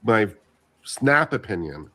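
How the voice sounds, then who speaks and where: A man on a discussion panel, reasoning aloud in a measured way. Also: lowish voice, very animated, bright, forceful tone. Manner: measured, reasons aloud, hedges his opinion.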